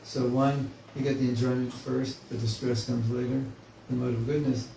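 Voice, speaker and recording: Picked up by a distant mic in an echoey room with faint hiss, this man teaches a spiritual class casually, joking and voicing inner thoughts aloud. He speaks at normal speed in a warm, gravelly medium pitch that barely rises or falls.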